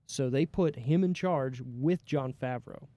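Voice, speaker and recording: A man hosting a casual TV review podcast, animated and swearing casually as he talks. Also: mid-range voice, a little slow, dry recording, muffled recording. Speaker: podcast host.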